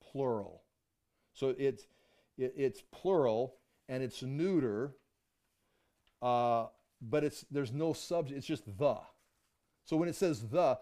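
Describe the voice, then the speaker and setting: A man's voice: mid-range voice, mellow. A man teaching a Bible study class, thinking aloud and restarting his sentences often as he explains a passage to the group.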